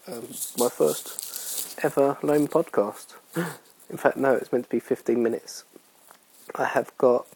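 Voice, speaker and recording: A man's voice: medium pitch, vocal fry, a little mellow, breathy edge, low-quality recording. A young man hosting his own podcast in casual, rambling, self-mocking chat full of fillers. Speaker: podcast host.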